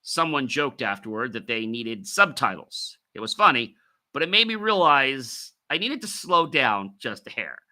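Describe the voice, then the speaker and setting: A middle-aged man hosting a solo podcast about speaking skills. He talks in an animated, emphatic way with sudden jumps in pitch and volume. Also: normal speed. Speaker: podcast host.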